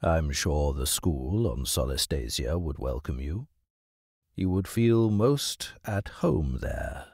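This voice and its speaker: A man voicing a proud, condescending male hawk with a deep, unyielding voice in an audiobook story. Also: big pitch swings, gravelly, darkish tone, husky, dry recording, clean studio sound, full character voice. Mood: measured. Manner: slow, condescending.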